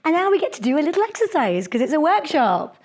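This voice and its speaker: Her voice sits high and moves fast as this young adult woman leads a live public speaking workshop in a lecture room. She's lively and chatty, with frequent laughter.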